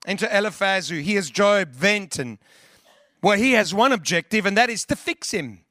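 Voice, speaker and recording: A man's voice: high voice, lively intonation, moderate pace, pushed and bright, dry recording, studio quality. A male preacher giving a sermon in an earnest, conversational way, building long lists and sometimes restarting his sentences.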